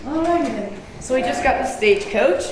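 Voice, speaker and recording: A woman's voice: sits high, animated, moderate pace, music in the background. Chatty woman tour guide in echoey rooms. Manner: chatty, jokey storyteller. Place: inside an old historic building. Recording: roomy, distant camera mic.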